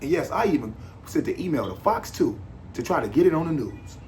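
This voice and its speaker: A man's voice: fairly high pitch, big pitch swings, fairly quick, a little mellow, a little hiss or hum. A man hosting a podcast, delivering a casual monologue in an emphatic, repetitive, rambling way. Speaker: podcast host.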